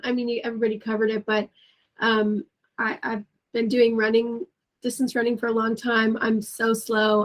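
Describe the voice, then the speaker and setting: Slightly high-voiced woman, candid chat. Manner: candid, self-deprecating. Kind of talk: casual panel chat.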